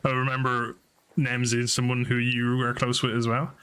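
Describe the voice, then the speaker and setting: A man narrating a tabletop game as game master, relaxed and quick to laugh. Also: medium pitch, clear, resonant tone.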